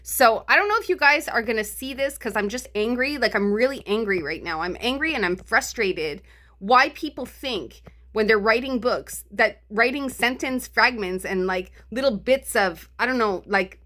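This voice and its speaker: A woman's voice: fairly high pitch, animated, normal speed, bright, forceful tone. A woman book vlogger venting her frustration in a casual, profane rant, laughing between complaints. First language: English.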